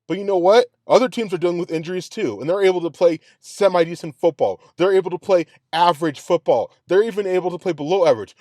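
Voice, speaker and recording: Man, heated profane football rant, higher-pitched voice, dry close sound. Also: fast, few pauses, darkish tone, no echo. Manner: profane, heated, repeats himself. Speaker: sports podcast host. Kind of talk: angry sports reaction rant.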